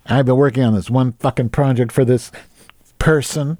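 A man's voice: medium pitch, steady tone, normal speed, dark tone. A man hosting his own show, rambling through a crude, sarcastic solo rant. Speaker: podcast host.

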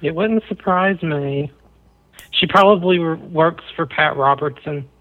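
Man, fairly high voice, deadpan teasing co-host, casual chat. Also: unhurried, narrow, tinny audio. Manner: dry, teasing quips.

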